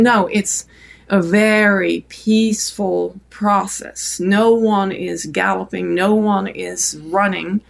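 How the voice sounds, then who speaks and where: A middle-aged woman from France with a French accent, telling stories as an interview guest, lively and full of fillers and restarts. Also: mid-range voice, vocal fry. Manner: animated storyteller, many fillers and restarts. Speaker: photographer guest. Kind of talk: storytelling interview.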